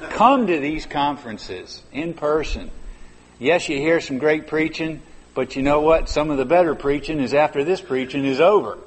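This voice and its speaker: A man's voice: fairly high pitch, normal speed, breathy edge. A man preaching a sermon at a church conference, conversational and then suddenly emphatic on key words. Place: large church conference hall. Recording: reverberant hall with faint ambience.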